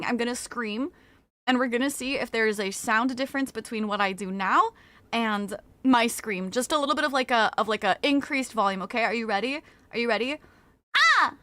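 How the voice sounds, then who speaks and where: A woman's voice: a little high, fairly bright tone, no echo. A woman streaming live, chatting casually with her viewers, greeting them by name and often restarting her sentences. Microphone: desktop mic with a limiter.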